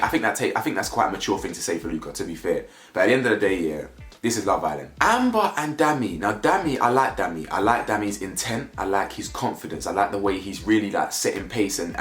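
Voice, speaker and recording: In a casual commentary vlog, a young man tosses out rhetorical questions while giving a slangy reality-show review. His voice is lowish and fairly bright, with an echoey room and faint music behind him.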